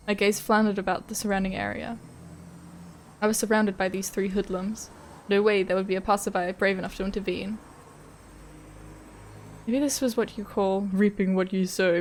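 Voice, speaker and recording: A woman's voice: medium pitch, little pitch movement, fairly quick. A young woman streamer reading a visual novel aloud, breaking off into chatty, swearing asides and frequent laughs.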